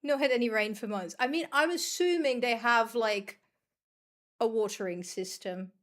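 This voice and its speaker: Moderately paced, on the high side and fairly bright, a young Dutch woman's voice carries her gameplay commentary. The streamer rambles to her viewers, chatty and self-mocking, swearing freely throughout.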